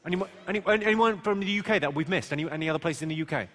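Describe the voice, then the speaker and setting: A man doing stand-up crowd work on a theatre stage, deadpan and mocking with quick comebacks. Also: fairly high pitch. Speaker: stand-up comedian. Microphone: stage microphone. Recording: live theatre recording with loud crowd laughter. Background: loud audience laughter.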